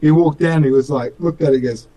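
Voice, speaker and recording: A man's voice: a little high, fast talker, mellow, poor audio. A young Australian man, a speedcar driver, chatting in an interview with many fillers and restarts, acting out little dialogues. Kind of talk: casual interview chat.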